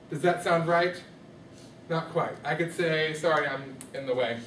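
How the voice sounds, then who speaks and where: A man's voice: fairly high pitch, moderate pace, a bit bright, slight background noise. A man teaching rhythm to a class, often checking that his students follow along. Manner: questioning, checks understanding often. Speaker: music teacher. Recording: echoey classroom from far off.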